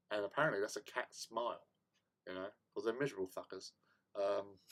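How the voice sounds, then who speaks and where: A man hosting a hobby livestream, chatting casually in a rambling, self-mocking way. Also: on the low side. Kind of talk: casual chat.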